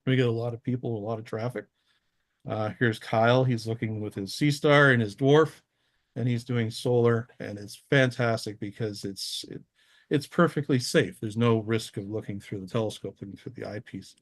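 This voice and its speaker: A man talks loosely through a set of photos, stopping and restarting his sentences as he goes. His voice sits at an ordinary middle pitch. The sound is dry and close, with no room echo. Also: moderate pace. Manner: rambling, many restarts, easygoing. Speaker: guest astronomer. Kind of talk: casual talk over photos.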